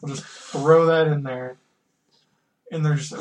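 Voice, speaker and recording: A man's voice: a little high, fairly even intonation, moderate pace, long pauses, darkish tone. A sarcastic, foul-mouthed man in casual podcast chat, complaining bluntly. He is set back from the microphone, so he sounds distant. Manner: blunt, profane, sarcastic griping. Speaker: podcast co-host.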